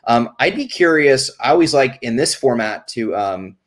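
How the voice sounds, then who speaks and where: A man's voice: mid-range voice, animated. A man hosting a casual live stream, chatty and greeting viewers, often stumbling and restarting his words. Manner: reads off viewer names and disclaimers quickly. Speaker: host.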